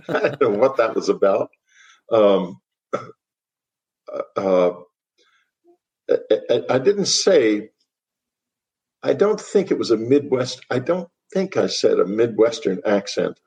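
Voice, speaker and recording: An older man speaking as a guest author in a podcast interview, wry and reflective, often pausing and restarting. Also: mid-range voice, big pitch swings, a little mellow.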